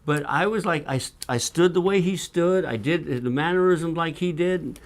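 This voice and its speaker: A man co-hosting a casual talk show, telling an anecdote in an animated way and putting on the voices of the people in it. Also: on the high side, normal speed. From California. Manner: animated storyteller who acts out the voices in his anecdotes. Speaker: co-host. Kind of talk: casual storytelling chat. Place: studio.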